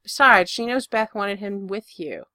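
A woman voicing a calm young man who reassures his friend in a steady, blunt, teasing way. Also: mid-range voice, a little slow, dry recording, studio quality. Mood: reassuring.

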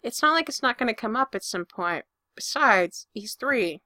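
A woman's voice: fairly high pitch, expressive, normal speed, sharp tone, no room sound, studio quality. Woman reading as a blunt, reassuring young man. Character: calm teasing young man, reassuring friend.

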